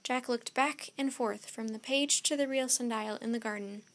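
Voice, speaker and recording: Woman, high voice, storybook reading, expressive, unhurried. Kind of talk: reading a children's chapter book aloud.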